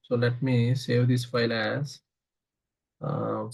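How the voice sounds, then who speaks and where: A man's voice: mid-range voice, level tone, slow pace, creaky, darkish tone. A man with an Indian English accent teaching a live online programming class, asking questions and answering them himself. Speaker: programming instructor.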